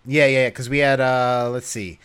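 A man's voice: medium pitch, steady tone, normal speed, a bit bright, clean tone. A man co-hosting a podcast, talking casually and rambling with many fillers. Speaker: podcast co-host. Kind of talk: casual chat.

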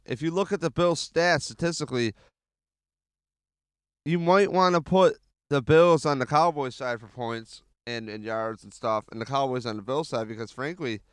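Man, podcast host, sports rant, swears a lot, excitable, smooth voice, dry close sound. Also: mid-range voice, dry recording. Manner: profane, excitable, rambling. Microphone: handheld mic.

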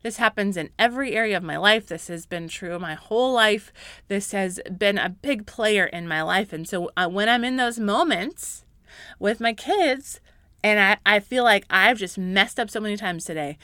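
A woman in her thirties hosts a faith-based parenting podcast, talking in an earnest, encouraging way that swells into fervent emphasis. Her voice is bright and forward. The recording is dry and close, with no room sound. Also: mid-range voice, expressive, normal speed, no room sound. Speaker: podcast host.

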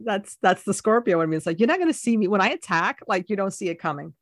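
Woman podcast co-host, upbeat explainer from her notes, mid pitch, dry close recording. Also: lively intonation, fast, no room sound. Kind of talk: casual chat.

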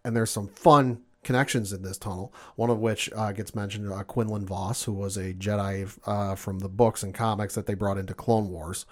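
A man co-hosting a casual podcast chat, retelling a TV episode with lively acted-out lines. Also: lowish voice. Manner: animated, acts out characters' lines in quick voices. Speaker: podcast co-host.

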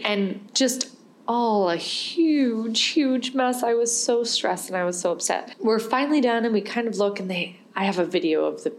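A woman's voice: on the high side, moderate pace, a little hiss or hum. A young woman hosting a podcast, telling a personal story in a candid, rambling way and laughing now and then. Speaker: podcast host.

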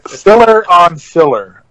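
A man's voice: fairly high pitch, big pitch swings, very slow, a bit bright, no room sound, dull audio. A man co-hosting an album review podcast, giving short, dismissive verdicts. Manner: curt, dismissive, dry. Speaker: podcast co-host. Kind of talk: casual album review chat.

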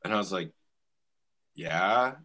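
A man's voice: sits low, takes it slowly, pushed and bright. A man in his thirties telling a profane story in a casual chat, laughing often. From Canada.

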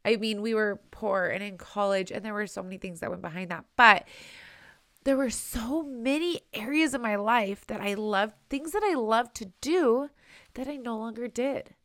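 A woman's voice: a little high, moderate pace, fairly bright tone, no echo. Young woman host, earnest chatty monologue, close and dry recording. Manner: earnest and chatty, with many likes and rights. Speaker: podcast host. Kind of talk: personal podcast monologue.

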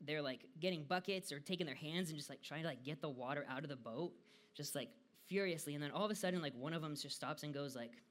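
A young man from the United States gives a casual devotional talk in a somewhat high, slightly bright voice at a fairly quick pace. He is chatty, laughs often and fills his speech with "like."

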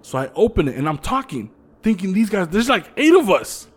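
A man tells a spooky story to his podcast co-hosts in a loose, casual chat. His voice sits a little high and swings widely up and down as he acts out moments. The talk is profane, animated and full of laughter. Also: fairly quick, slightly rough. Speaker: podcast co-host.

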